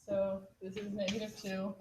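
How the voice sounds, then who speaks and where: A woman's voice: mid-range voice, monotone, moderate pace. A woman student working a math problem at the board, thinking aloud step by step. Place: classroom. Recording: echoey classroom, far from mic, noisy.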